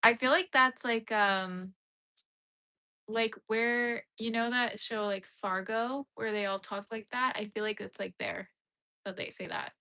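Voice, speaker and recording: A woman's voice: a little high, a little slow, vocal fry, sharp tone. A young Canadian woman on a crochet livestream, chatting casually with viewers in a rambling way with lots of "like". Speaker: crochet live streamer. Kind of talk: casual live chat while crocheting.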